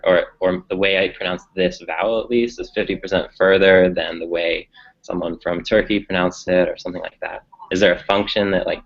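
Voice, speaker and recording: A male student hesitantly asking a question over a video call, padding his words with "um" and "like". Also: deep voice. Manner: hesitant, uses fillers like "like" and "um". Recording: dull lo-fi video call audio.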